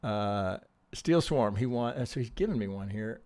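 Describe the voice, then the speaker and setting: Male trading coach on a stream, low mellow voice, swears freely, dry close sound, keeps checking "right?". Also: animated, moderate pace, no echo. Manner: profane, emphatic, acts out trader reactions, keeps asking "right?". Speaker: trading teacher reviewing charts on a live stream. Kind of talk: animated live-stream chart analysis.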